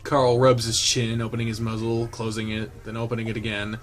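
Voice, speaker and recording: A man's voice: fairly low pitch, completely flat delivery, fairly quick, few pauses. A man reading a visual novel aloud and reacting with frequent laughter. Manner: laughs often, reacts loudly. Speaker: let's play host reading a visual novel. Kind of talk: casual game reading with reactions.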